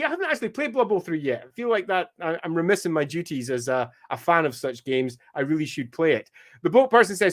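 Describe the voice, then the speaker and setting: A man with a mixed Scottish accent hosting a live stream, thinking aloud as he works and answering viewer comments in a relaxed way. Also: high-pitched, quick pace. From Scotland. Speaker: stream host and mapmaker. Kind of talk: live-stream commentary while drawing a map.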